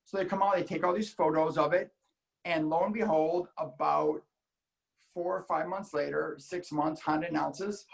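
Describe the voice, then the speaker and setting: A man from Illinois telling a story in casual chat, animated and acting out the voices he quotes. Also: fairly high pitch, normal speed, gravelly, low-quality recording. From Illinois, United States. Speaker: guest car enthusiast.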